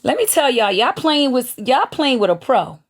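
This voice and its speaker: Gleeful, animated woman livestream host. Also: high-pitched, normal speed. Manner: animated, gleeful, drawling Southern Black vernacular phrasing. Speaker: live stream host. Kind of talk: gossip commentary on a live stream.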